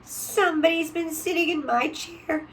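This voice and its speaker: A woman voicing a small, upset little boy bear from a storybook in a high, squeaky voice. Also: measured pace, fairly bright tone, slight background noise.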